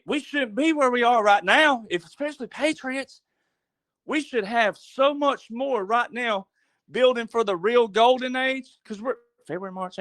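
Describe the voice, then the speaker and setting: A man's voice: very high voice, a bit bright, no room sound, clean studio sound. A man, a podcast guest telling a story and preaching in a folksy way, asking the listener questions. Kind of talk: casual storytelling monologue.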